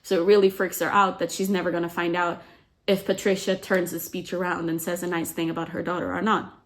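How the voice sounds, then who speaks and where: A woman's voice: fairly low pitch, little pitch movement, brisk. Chatty woman retelling a novel. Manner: chatty, frequent "like" fillers, acts out quotes. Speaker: book summary host. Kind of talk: casual book plot retelling.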